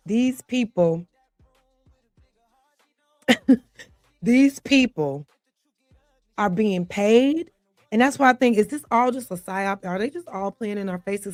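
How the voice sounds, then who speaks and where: A woman's voice: medium pitch, dry recording, studio quality. A woman hosting a casual reaction show, talking in a blunt, profane, heated way. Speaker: host.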